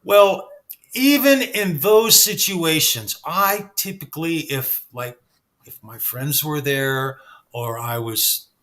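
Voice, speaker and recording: A man telling backstage stories in a casual chat, animated and swearing freely. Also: on the high side, slow pace. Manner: animated, acts out quoted dialogue, swears freely. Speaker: guest storyteller.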